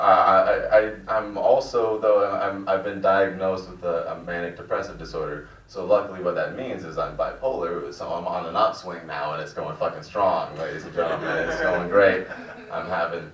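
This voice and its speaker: A man's voice: low-pitched, dull audio, noisy background. A man in his twenties doing a rambling, self-deprecating stand-up set in a small cafe room. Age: 20s. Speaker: stand-up comedian. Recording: roomy, distant mic.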